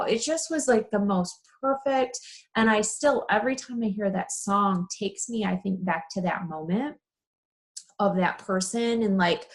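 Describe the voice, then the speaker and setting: A woman in her thirties, a funeral director, chatting casually and telling stories with lively, expressive swings. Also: medium pitch, a little slow. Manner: animated, expressive storytelling. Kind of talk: casual chat over wine.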